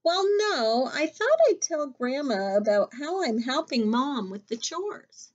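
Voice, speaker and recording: A woman's voice: high voice, sing-song, a little slow, muffled recording, voice pushed up, full character voice. A woman doing an earnest little pig. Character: young male pig, earnest and easygoing.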